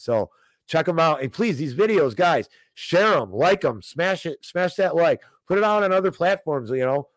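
A man hosting a casual livestream about finance, ranting and animated, talking straight to viewers in the chat. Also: medium pitch, no echo. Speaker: host of a financial commentary show.

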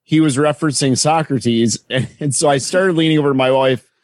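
A man's voice: mid-range voice, a little fast, darkish tone, dry recording. A man co-hosting a comedy podcast, easily amused and giggly in casual chat. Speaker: podcast co-host.

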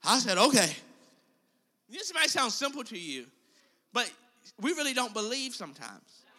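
A man's voice: extremely high pitch, wildly swooping pitch, normal speed, sharp tone, in a large hall. A male preacher giving an impassioned sermon and calling out to his congregation. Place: church.

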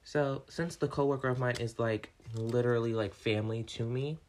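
A man's voice: mid-range voice, normal speed, a little hiss or hum. Fired-up man telling a storytime. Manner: animated, swearing, swings from calm to worked up. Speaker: vlogger, restaurant manager. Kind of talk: casual storytime vlog.

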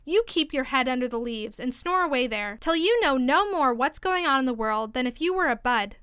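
A woman voicing a proud, hot-tempered talking flower who speaks loudly and commandingly. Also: high-pitched, expressive, moderate pace, clear, resonant tone, dry recording, clean studio sound. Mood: angry. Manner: loud, commanding.

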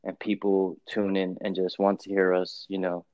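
A man's voice: low voice, completely flat delivery, moderate pace, a little mellow, dry recording, highs cut off. A man from New York with a New York accent, co-hosting a podcast in loose, slangy, rambling chat that repeats itself. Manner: rambling, slangy, repeats himself, laughs often. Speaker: podcast co-host. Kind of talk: casual chat.

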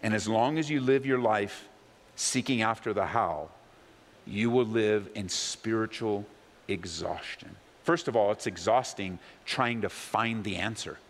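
A man preaching a sermon as pastor, swinging between loud, pleading questions and low, hushed emphasis. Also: measured pace, big-room sound. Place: church sanctuary.

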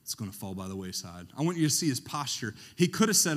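A man preaching a sermon, who often pauses so that the congregation can finish his sentences. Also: on the low side, very animated, fairly bright tone. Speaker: pastor.

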